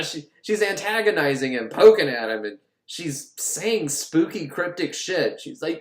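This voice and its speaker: A man recaps a film in a loose, joking way, dropping in swears and frequent laughs. His voice sits a bit high and swings widely up and down as he talks. The sound bounces around an echoey room. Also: animated, measured pace, few pauses. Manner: joking, profane, laughs often. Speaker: film podcast host. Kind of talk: casual comedic film recap.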